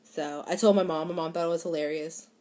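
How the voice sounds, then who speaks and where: A woman's voice: low-pitched, steady tone, quick pace, darkish tone. A young woman, chatting casually to camera in a rambling, giggly way with lots of fillers and restarts. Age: young adult. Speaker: vlogger.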